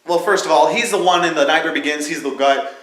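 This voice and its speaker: A young man hosting a casual vlog that calls for voice actors for his fan film, animated and jokey, dropping into put-on voices. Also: a little high, fast talker. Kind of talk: casual casting-call vlog. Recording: echoey room with music behind.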